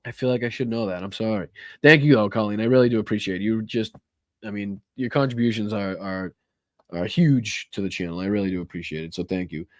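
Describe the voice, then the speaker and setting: A man's voice: lowish voice, fairly quick, no echo. Man, livestream host, American accent, rambling with fillers, profane, dry close-mic sound. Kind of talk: casual livestream chat reading viewer donations.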